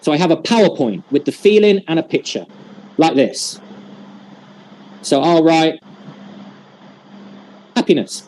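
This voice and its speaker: A man with a fairly high voice runs a teacher-training session over a video call. He explains step by step and acts out short examples for his audience. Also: lively intonation, normal speed, pauses often, darkish tone, a little hiss or hum. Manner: explanatory, demonstrative, uses examples. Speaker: workshop trainer.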